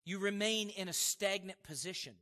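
A man's voice: high-pitched, normal speed, pushed and bright, big-room sound. A man preaching a sermon in an emphatic, conversational way, with casual asides to the congregation.

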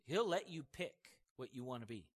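A man's voice: medium pitch, lively intonation, moderate pace, slightly rough, long reverb tail. A man preaching a sermon in an emphatic, conversational way, with casual asides to the congregation.

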